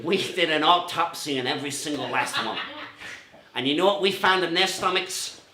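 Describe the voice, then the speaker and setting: A man on a comedy stage impersonating a rumpled, dogged TV police lieutenant, talking in a slow, quiet drawl that keeps circling back with "sir" and "you see.". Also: on the high side, background noise, close to an everyday voice. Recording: roomy club echo.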